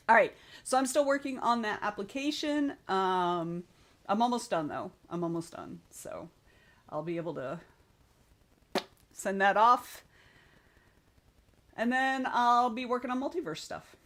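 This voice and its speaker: A woman hosting a writing livestream, reading viewer comments aloud and chatting casually in a rambling way. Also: mid-range voice. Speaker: writing stream host.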